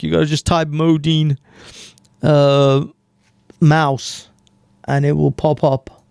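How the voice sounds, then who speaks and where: A man chatting casually on a live stream, slow and profane. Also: fairly high pitch, vocal fry, a little mellow, no room sound, clean studio sound.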